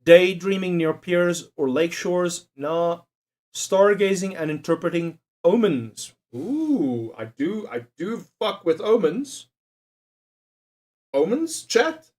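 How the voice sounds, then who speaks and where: A man's voice: high-pitched, very animated, slow, a little mellow. Joking, foul-mouthed streamer man. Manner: profane, joking, laughs often, talks to chat. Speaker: live streamer. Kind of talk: casual live-stream chat while doing a quiz.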